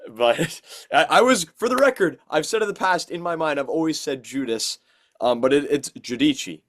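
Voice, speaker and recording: A man's voice: on the high side, animated, brisk, fairly bright tone. A man co-hosting a hockey podcast, chatting in an easygoing way and chiming in often. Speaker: podcast co-host and announcer. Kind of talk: casual chat.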